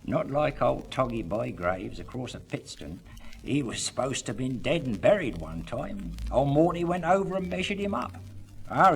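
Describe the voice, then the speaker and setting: Drawling rural southern English countryman. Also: medium pitch. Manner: drawling country storyteller, dialect grammar, chuckling asides. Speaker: comic monologuist. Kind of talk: rustic comic yarn-spinning monologue.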